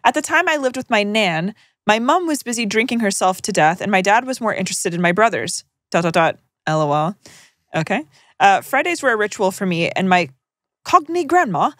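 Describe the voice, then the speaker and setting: A woman's voice: mid-range voice, expressive, a little fast, fairly bright tone, no echo, studio quality. A young woman co-hosting a podcast, reading listener stories aloud with wry, sardonic asides. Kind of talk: casual chat, reading aloud.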